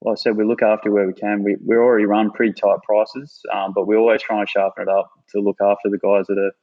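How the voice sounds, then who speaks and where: A man's voice: on the low side, level tone, fast talker, narrow, tinny audio. A man with an Australian accent chatting casually as a podcast guest, laid-back, swearing freely and saying "mate" a lot. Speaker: guest, former army sniper.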